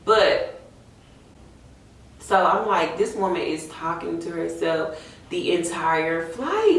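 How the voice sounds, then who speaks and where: A young woman tells a story in animated, chatty talk, saying "y'all" a lot while she does her makeup. Her voice sits a little low. It sounds distant and bounces around an echoey room. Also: takes it slowly, pauses often, a little hiss or hum. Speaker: beauty vlogger. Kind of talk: casual storytime chat while doing makeup.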